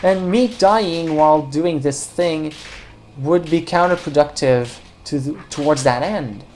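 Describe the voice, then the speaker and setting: Talking to the audience and the game characters alike, a let's play commentator rambles and cracks jokes as she works through a puzzle game. She has a deep, slightly mellow voice and keeps a measured pace.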